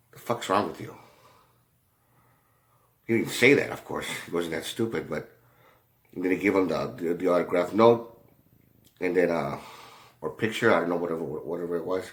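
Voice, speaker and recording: A man telling a rambling story in a casual way, halting often, with many fillers and restarts and a lot of swearing. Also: deep voice. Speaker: commentator.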